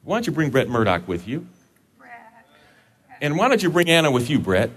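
Animated, playful pastor in an echoing hall. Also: male voice, on the high side, moderate pace, breathy edge. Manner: playful, animated, joking with the congregation. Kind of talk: sermon. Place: church sanctuary.

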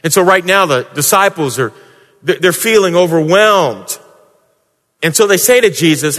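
A pastor delivering a sermon in a slightly higher-pitched male voice. He drops to hushed, prayerful tones and then lifts into emphatic preaching. A long reverb from the church hall trails every phrase. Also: expressive, moderate pace.

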